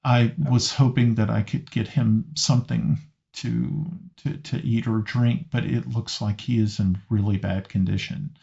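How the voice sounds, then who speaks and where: A man voicing a frightened young female elf prisoner in a tabletop game, speaking low and urgently. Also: fairly even intonation, a little slow, vocal fry, dark tone. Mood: worried. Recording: slightly muffled lo-fi audio.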